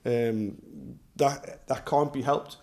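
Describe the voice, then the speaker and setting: A man's voice: mid-range voice, fairly even intonation, slow, dark tone. A middle-aged man with a Geordie accent, a self-defence instructor telling rambling, jokey stories to his class. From North East England. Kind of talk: casual class talk with anecdotes.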